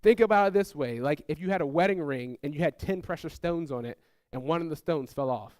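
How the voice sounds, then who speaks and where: Preaching to his congregation, a man shares family stories and plays the people in them, raising his voice for their lines and inviting listeners to call out. His voice is a little high and a little fast, recorded dry with clean studio sound.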